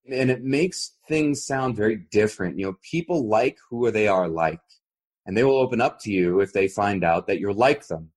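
Male podcast host, low and husky, swings his pitch a lot while explaining. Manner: animated, demonstrates voices while explaining.

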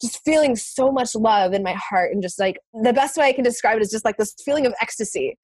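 A woman telling a personal story in casual conversation, animated, laughing often and swearing casually. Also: on the high side, quick pace, breathy edge, no room sound.

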